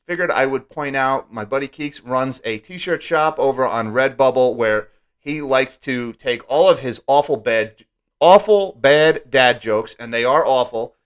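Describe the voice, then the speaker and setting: A man's voice: medium pitch, normal speed, clear, resonant tone. A man hosting a live stream, talking casually with wry jokes and asides. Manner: wry and joking, lots of asides.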